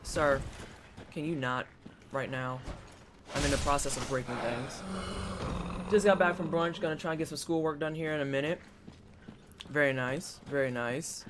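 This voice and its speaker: A man's voice: on the high side, normal speed, pauses often. A man streaming a game, chatting casually with his chat and reacting aloud as he plays. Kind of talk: casual gameplay commentary. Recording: clear background noise.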